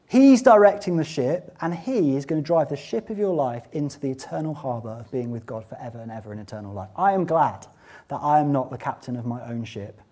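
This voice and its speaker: A man preaching a sermon, swinging between loud, fervent exclamations and quiet, conversational asides. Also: mid-range voice, lively intonation, a little fast. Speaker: pastor.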